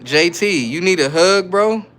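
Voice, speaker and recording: A little slow but animated, this man's high, fairly bright voice runs a relaxed livestream, where he reads chat comments aloud and answers them in slangy, loose talk.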